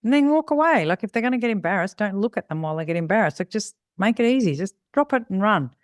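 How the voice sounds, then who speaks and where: A woman's voice: mid-range voice, lively intonation, fast talker, no echo, studio quality. A middle-aged woman, a salon business mentor, talking bluntly and casually and acting out bits of dialogue, with the odd swear word. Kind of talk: casual podcast talk.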